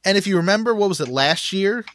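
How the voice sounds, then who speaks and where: Guy hosting a hockey-style sports chat, voice a bit high, totally dry sound, easygoing and rambly. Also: lively intonation, fast, a bit bright, no room sound. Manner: conversational, leads questions with restarts. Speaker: podcast host.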